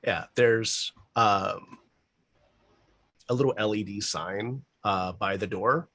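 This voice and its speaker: Low husky-voiced game master man. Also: slow, pushed and bright, no room sound. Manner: casual, swears freely, laughs often. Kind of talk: running a tabletop game.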